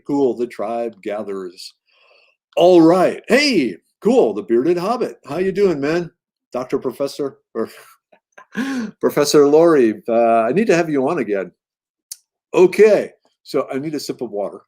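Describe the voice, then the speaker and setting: A man's voice: a little high, very animated, measured pace, a little mellow. Easygoing male show host. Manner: easygoing, friendly greetings to viewers. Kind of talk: casual livestream interview.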